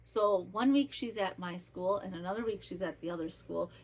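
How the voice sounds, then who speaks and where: A woman podcaster talks at an easy middle pitch in a casual, unscripted way. Her sentences wander and pile up with "and then". Her tone stays sincere and sentimental. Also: moderate pace, darkish tone. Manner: rambling, heartfelt and sentimental. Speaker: podcast host. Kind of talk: casual chat.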